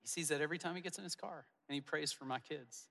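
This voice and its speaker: A male pastor shares personal stories in a sermon, earnest and gentle. His voice is bright and slightly higher than most men's. Long reverb from a big church auditorium hangs on every word, with soft music underneath. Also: fast talker, vocal fry. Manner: personal storytelling, earnest and warm-hearted with soft asides.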